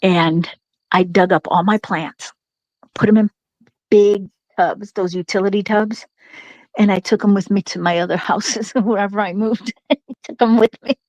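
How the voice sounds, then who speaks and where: A woman's voice: mid-range voice, fairly even intonation, normal speed, darkish tone, dry recording, low-quality recording. A middle-aged woman telling a long, rambling story in casual chat, laughing often and restarting her sentences.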